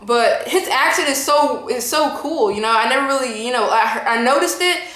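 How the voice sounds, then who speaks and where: A young woman in her twenties chats through a casual movie review, rambling and looping back on herself. Her voice sits fairly high, and it echoes around a room at home. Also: expressive, moderate pace, fairly bright tone. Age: 20s. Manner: rambling, full of "like" and "you know". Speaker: vlogger. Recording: roomy echo.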